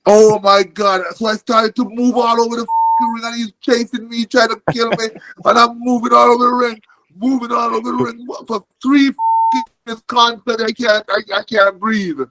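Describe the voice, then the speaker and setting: A Jamaican man telling a boxing story in a casual, animated, profane way, often repeating himself and checking in with "okay". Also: high-pitched, low-quality recording.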